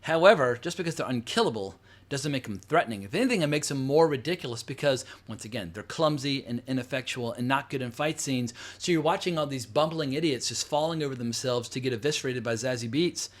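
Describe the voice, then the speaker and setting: A man's voice: mid-range voice, animated, quick pace. Blunt, sarcastic middle-aged male film reviewer. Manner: rambling with fillers and self-corrections. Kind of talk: casual spoken movie review.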